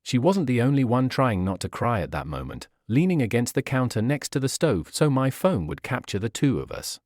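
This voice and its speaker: A man narrating a first-person story in an expressive reading voice. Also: medium pitch, brisk, no room sound, clean studio sound.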